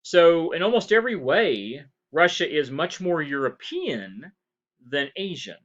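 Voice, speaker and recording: A man's voice: fairly high pitch, big pitch swings, a little slow, fairly bright tone. Man, history professor, rambling lecture, rhetorical questions, muffled lo-fi audio. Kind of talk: recorded lecture.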